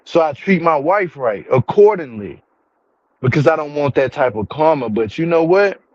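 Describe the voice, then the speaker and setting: A man's voice: on the high side, lively intonation, normal speed, a little mellow, dry recording. A young man recording a casual commentary vlog, talking to his viewers in slang. He repeats himself for emphasis and is getting angry. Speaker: reality TV commentary vlogger. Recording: dull, dry, lo-fi home recording.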